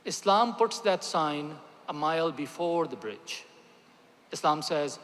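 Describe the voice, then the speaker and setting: A man's voice: on the high side, lively intonation, slow, fairly bright tone. Man, doctor, religious convention speech, emphatic, direct to audience, echoing hall. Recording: long hall reverb.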